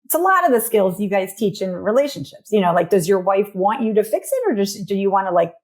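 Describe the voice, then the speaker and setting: A woman parenting coach talking as a podcast guest, chatty and animated, often acting out little voices in her stories. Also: medium pitch, fast. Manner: animated storyteller, acts out voices in anecdotes; chatty with frequent "like" and "you know". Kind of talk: casual podcast conversation.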